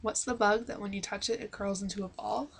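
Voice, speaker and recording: A woman's voice: mid-range voice, steady tone, brisk, creaky, a little hiss or hum. A woman from Manitoba with a Canadian accent, reading questions aloud and answering them plainly in a casual accent-challenge vlog, recorded on a webcam microphone. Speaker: vlogger.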